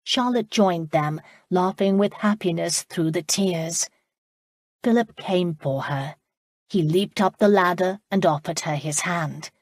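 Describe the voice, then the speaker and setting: A woman narrates an audiobook in a measured, expressive reading. Her voice sits low with a husky grain. The recording is close and dry, with no room sound. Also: no echo. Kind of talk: scripted narration.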